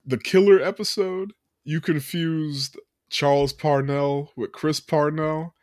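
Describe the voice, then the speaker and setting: A man's voice: a little high, fairly even intonation, slow, darkish tone, dry recording, studio quality. A man hosting a podcast, casually recapping a movie plot and laughing often. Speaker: podcast host.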